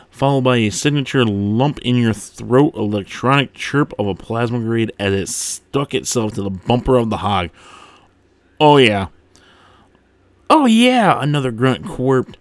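A man hosting a podcast, reading a game blog post aloud and breaking off to laugh and comment excitedly. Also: medium pitch, no echo. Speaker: podcast host.

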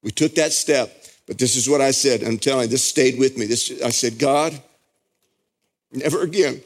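A middle-aged pastor, preaching a sermon as a story that keeps building in intensity. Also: male voice, a little fast. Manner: impassioned storytelling, pitch climbing as he builds.

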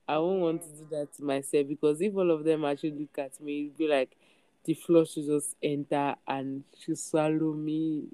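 Deep smooth-voiced woman, dry sound. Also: fairly even intonation, moderate pace, mellow, no echo. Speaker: podcast co-host. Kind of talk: casual chat.

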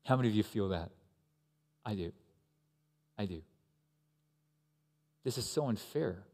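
A man's voice: lowish voice, a little slow, long pauses. Man preaching in an echoey hall. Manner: conversational, animated, with asides to the congregation. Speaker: pastor. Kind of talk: sermon.

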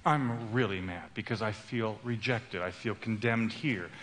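A man preaching a sermon with animated storytelling that swings into loud outbursts. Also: fairly low pitch, unhurried, slight background noise. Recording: long hall reverb.

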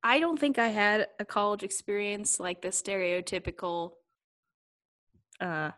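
A woman's voice: mid-range voice, animated, measured pace, fairly bright tone. A young adult woman talking candidly in a casual interview, laughing often and rambling a little as she thinks aloud. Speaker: guest. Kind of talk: casual conversation.

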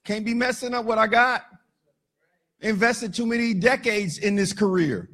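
This is a pastor's lively sermon, spoken by a man whose voice rings high and bright. Between jokes aimed at the congregation, he eases off for emphasis and then suddenly shouts.

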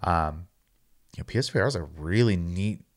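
A man's voice: low voice, normal speed. A man co-hosting a casual podcast chat, easygoing and agreeable. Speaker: podcast co-host.

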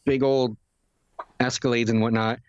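A man with a Canadian accent chats easily on a podcast and pauses with fillers. His voice sits at a middling pitch. The recording is close and dry. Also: little pitch movement, clear, resonant tone, dry recording, highs cut off. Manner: easygoing, halting with fillers. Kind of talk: casual podcast chat.

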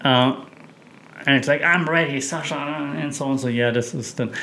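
A man's voice: mid-range voice, steady tone, a little slow, gravelly, a bit bright. A man hosting a casual wrestling recap, chatty and opinionated, with many fillers and restarts. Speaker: wrestling podcast host.

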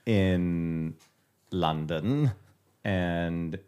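A man co-hosting a casual podcast chat, joking and rambling, often trailing off quietly. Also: low-pitched, drawn-out words, smooth. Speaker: podcast co-host.

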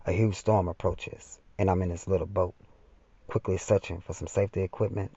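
Male author-narrator, gravelly and low, dry close sound on a dull lo-fi track. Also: steady tone, brisk, mellow, no room sound. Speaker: author reading his own novel. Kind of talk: first-person audiobook narration. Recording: slightly dull, dry lo-fi recording.

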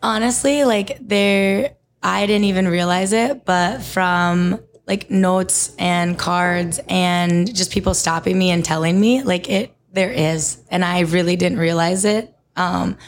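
A woman's voice: on the low side, takes it slowly, hardly any pauses, slight background noise. A young woman, a fitness instructor, talking casually as a podcast guest, rambling with many fillers. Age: young adult. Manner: rambling, heavy use of "like" and "um". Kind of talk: casual conversation.

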